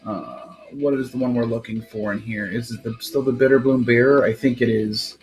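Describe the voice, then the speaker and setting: A young man on a live stream, casually opening card packs and rattling off card names, with bursts of excitement. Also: mid-range voice, moderate pace, faint music behind.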